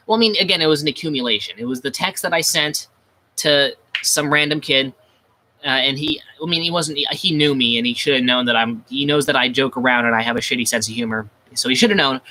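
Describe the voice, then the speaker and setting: A man's voice: medium pitch, pushed and bright. A man chatting casually on a livestream, rambling with many restarts, crude and self-mocking. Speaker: livestream host.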